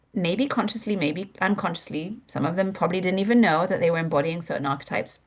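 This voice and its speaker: A woman gives a webinar as a course instructor, talking candidly with lively storytelling and the odd casual swear. Her voice sits on the lower side for a woman. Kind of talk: webinar presentation.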